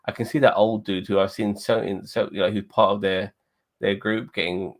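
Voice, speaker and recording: A man with a somewhat low voice, talking loosely in a casual review chat. He rambles, swears freely and leans on "you know what I mean" between thoughts. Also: little pitch movement, moderate pace. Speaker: podcast co-host.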